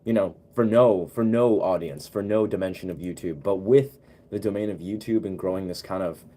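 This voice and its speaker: A man's voice: sits low, moderate pace, mellow. A man chatting casually on a live stream as a musician, laid-back and rambling with slangy asides. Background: keyboard music he plays.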